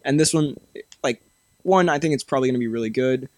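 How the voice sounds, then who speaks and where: A man's voice: medium pitch, quick pace, a little mellow, no echo. A young man hosting a podcast, chatting casually, laughing often and restarting sentences. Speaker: podcast host. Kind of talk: casual chat.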